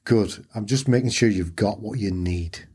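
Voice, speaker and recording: Biker man, Yorkshire accent, husky, low, brisk and caring, as a storyteller puts him on. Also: dark tone. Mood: concerned. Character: friendly male motorbike rider checking on a runner.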